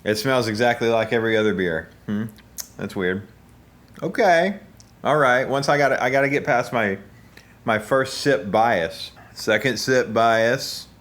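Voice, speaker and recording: A man giving casual, joking taste-test commentary as a host, rambling and halting with fillers. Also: mid-range voice, a bit bright. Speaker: musician reviewing drinks.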